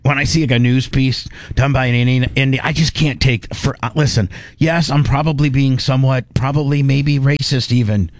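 A man hosting a podcast in casual chat, talking in halting, rambling, self-deprecating bursts. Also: medium pitch, steady tone, dry recording, clean studio sound. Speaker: podcast host.

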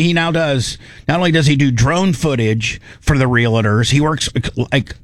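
A man's voice: fairly high pitch, no echo. A man hosting a podcast in loose, rambling casual chat. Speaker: podcast host.

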